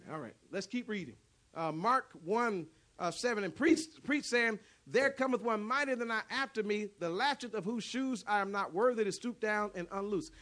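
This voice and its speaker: Man, pastor, sermon, high voice, bright tone, emphatic scripture reading, quieter asides.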